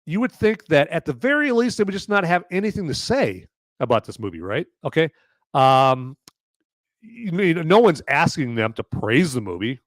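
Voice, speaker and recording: This is a man with a rather high voice, recorded at studio quality without any room sound. He hosts a live-stream podcast where he talks through a movie review in a loose, rambling way, repeating words, adding "okay?" after his points, and calling out donors by name to thank them.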